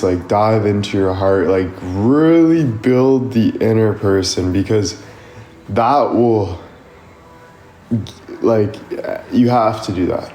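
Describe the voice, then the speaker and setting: A man with a fairly low, dark-toned voice gives rambling, casual motivational talk on a livestream as a social media creator, filling it with "like" and "you know." The room is echoey, with faint music in the background.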